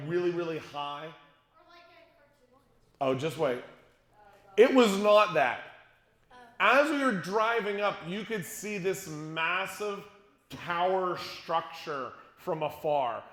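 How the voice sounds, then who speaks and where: A middle-aged youth speaker tells a funny story to a conference audience in a large, echoey hall. He is animated, acting out what people said and joking with the crowd, in a slightly high voice at a slow pace.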